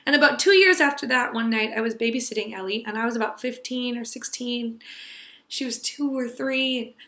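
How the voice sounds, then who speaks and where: Bright-voiced young woman telling a story. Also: a little high, normal speed, roomy sound. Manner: earnest, tender, drops to a hush for quiet moments. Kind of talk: personal story told to a class.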